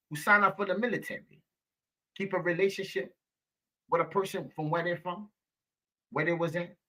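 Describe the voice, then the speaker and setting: A man's voice: a little high, sharp tone, husky. A man hosting a live stream, talking to viewers in a preachy, repetitive way and calling them baby, with speech. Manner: preachy, repeats himself, calls viewers baby. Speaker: live show host.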